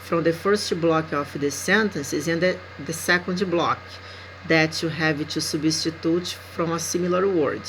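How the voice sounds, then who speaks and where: Slow Brazilian woman teaching English. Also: sits low, a bit bright, a little hiss or hum, low-quality recording. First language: Portuguese. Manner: slow, deliberate, checks in with frequent 'okay?'. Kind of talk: recorded language lesson.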